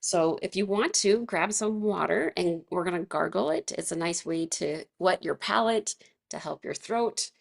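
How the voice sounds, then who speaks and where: A woman's voice: fairly low pitch, moderate pace, creaky. A woman teaching a casual wellness class, chatty and laughing often, with many fillers and restarts. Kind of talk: casual guided class instruction.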